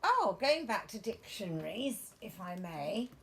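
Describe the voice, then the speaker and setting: Very animated yet a little slow, her mid-range voice carries vocal fry as a middle-aged vlogger rambles about her book collection. She meanders, sounds slightly prim, corrects herself and uses formal wording, over a little hiss or hum.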